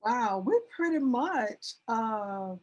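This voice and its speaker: A woman's voice: on the high side, lively intonation, takes it slowly, darkish tone, dull audio. A woman, an etiquette and image consultant, talking in a casual interview, earnestly explaining with everyday examples. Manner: explains with everyday examples and demonstrates sentence endings; earnest, instructive, with frequent restarts.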